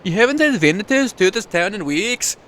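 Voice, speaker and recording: A man's voice: high-pitched, very animated, brisk, fairly bright tone, pitched above the performer's own voice. A man doing a chatty village woman in a Welsh lilt. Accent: put-on Welsh lilt. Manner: chatty, inquisitive. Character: tired but friendly village woman.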